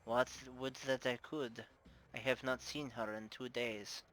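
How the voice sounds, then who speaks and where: A man's voice: mid-range voice, level tone, a little slow, a bit bright, a little hiss or hum, lightly acted, poor audio. A man voicing a shrewd, playful madam who runs her house with formal, teasing grace, in a put-on Russian accent. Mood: worried. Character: shrewd playful female brothel madam, middle-aged. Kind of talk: tabletop game character voice.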